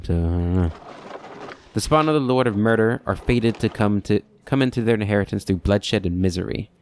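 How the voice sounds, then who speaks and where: A man's voice: lowish voice, a little mellow. A man hosting a let's play, reading game text aloud with casual commentary and dry offhand asides.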